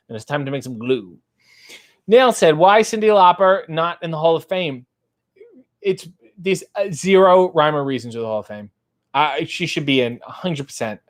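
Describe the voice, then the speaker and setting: A man's voice: a little high, lively intonation, moderate pace. A middle-aged man hosting a casual live stream, reading out viewer comments and bawdy limericks with a playful sing-song lift. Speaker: host.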